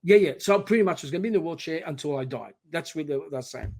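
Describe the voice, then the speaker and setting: A middle-aged man telling his personal story as a podcast guest, emphatic and animated, often quoting his own words. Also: on the high side, very fast, vocal fry.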